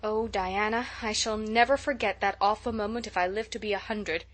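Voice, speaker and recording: A woman's voice: medium pitch, steady tone, fairly quick, fairly bright tone, natural voice. A woman reading as a gushing, dramatic young girl. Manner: gushing, breathless storytelling. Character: chatty imaginative young girl, dramatic and excitable. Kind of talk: audiobook character reading.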